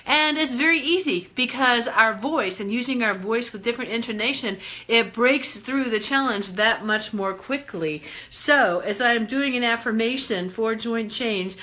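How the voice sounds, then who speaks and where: A woman's voice: on the high side, normal speed, hardly any pauses, bright, forceful tone, poor audio. A woman life coach talking casually and playfully on a self-help live stream, chatty and encouraging. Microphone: webcam or phone on a live stream.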